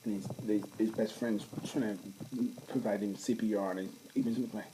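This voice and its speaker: A man's voice: on the low side, fairly even intonation, moderate pace, noisy background. A man talking casually and enthusiastically in a rambling way, often restarting his sentences. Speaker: vlogger. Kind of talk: casual fan movie talk.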